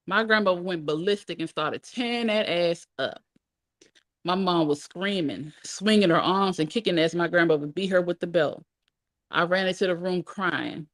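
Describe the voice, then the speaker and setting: A woman expressively reading a family memoir aloud. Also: fairly low pitch. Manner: expressive, animated. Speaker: storyteller.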